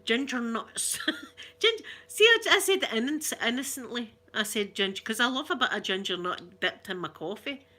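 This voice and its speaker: Scottish woman, bright clear voice, chatty and giggly, live-stream host talking to viewers. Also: on the high side, expressive, moderate pace. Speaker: ASMR channel host. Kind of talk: casual live-stream chat.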